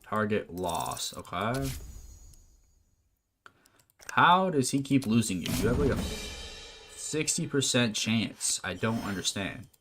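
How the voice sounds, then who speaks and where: Over music, a man casually narrates a management game in let's-play style, reading its text aloud and tossing in wry asides. His mid-range voice is expressive, with a slow pace and long pauses, and faint noise and clicks can be heard.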